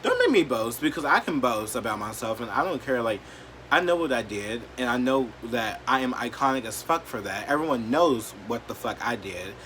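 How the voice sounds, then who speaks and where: A man vlogging an emotional rant to camera, blunt and profane, leaning on "like" and swinging between quiet, hurt lows and loud, defiant outbursts. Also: big pitch swings, normal speed, slight background noise. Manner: blunt, profane and heated, heavy use of "like".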